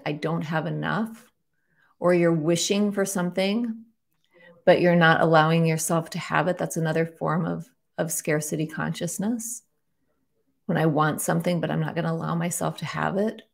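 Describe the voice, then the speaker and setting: Gravelly low-voiced woman giving spiritual guidance. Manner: warm-hearted, reflective, with repetitions and restarts. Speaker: host of a weekly spiritual guidance video. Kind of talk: casual spiritual teaching to camera.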